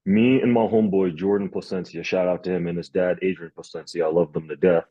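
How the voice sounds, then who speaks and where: A young man hosting a casual interview, telling stories in a rambling, animated way. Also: deep voice, quick pace, no echo, dull audio. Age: young adult. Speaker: host.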